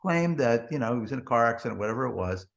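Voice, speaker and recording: A man with a gravelly, fry-laced voice sits in as a podcast guest, recounting his years as a TV producer. He rambles through anecdotes, swears freely and waves off details with "blah, blah, blah." His pitch sits in an ordinary middle range. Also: lively intonation, rapid-fire. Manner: rambling, profane, repeats "he goes" and "blah, blah". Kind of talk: anecdotal storytelling.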